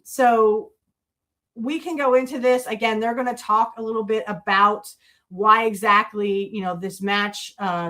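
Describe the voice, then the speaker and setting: Female podcast host, chatty and rambling, filler-heavy, mid-pitched. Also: a bit bright. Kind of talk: casual podcast talk.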